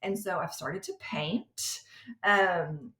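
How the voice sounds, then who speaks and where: Podcast host, a woman in her thirties with a bright voice; chatty, animated solo storytelling in a roomy, echoey space. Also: on the low side, slow pace. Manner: chatty, animated, breaks into laughter. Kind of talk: casual storytelling monologue. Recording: roomy echo.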